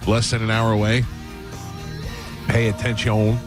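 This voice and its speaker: A low-voiced man hosts a morning radio show in loose, joking banter. Music plays clearly behind him as he talks. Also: flat delivery, unhurried.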